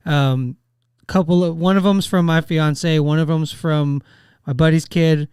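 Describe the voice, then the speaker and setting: A man's voice: fairly high pitch, fairly even intonation, unhurried, a little mellow, clear, resonant tone, no echo, clean studio sound. A man on a podcast chatting in an easygoing, hesitant way as he sets up a story. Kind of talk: casual podcast chat.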